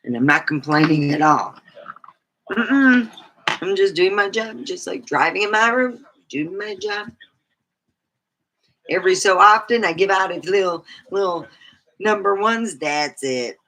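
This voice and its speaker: A woman's voice: mid-range voice, lively intonation, unhurried, pauses often, fairly bright tone, low-quality recording. A woman vlogger rambling in casual live-stream chat, with many fillers and asides.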